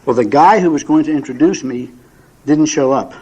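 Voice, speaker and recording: A man in his seventies with a fairly high voice, spinning self-mocking stories for a room of listeners. He talks in a folksy, unhurried way, stumbling through plenty of "uh"s and repeated words along the way. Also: darkish tone, slightly rough, low-quality recording. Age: 70s. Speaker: recovery meeting speaker. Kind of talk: humorous personal storytelling to an audience.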